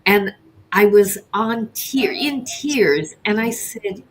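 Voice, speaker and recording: A woman's voice: mid-range voice, slow pace, slight background noise. A middle-aged woman, a baker, candidly telling a personal story on an interview show and acting out the voices of people she quotes. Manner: animated, acts out quoted voices. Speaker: guest, cheesecake baker.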